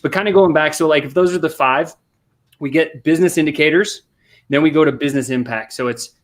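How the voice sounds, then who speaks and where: A man's voice: a little high, fast. A man on a podcast explaining sales questions, talking energetically and acting out customer replies with frequent restarts. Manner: energetic, acts out customer quotes, many restarts. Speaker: sales coach guest. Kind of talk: podcast conversation.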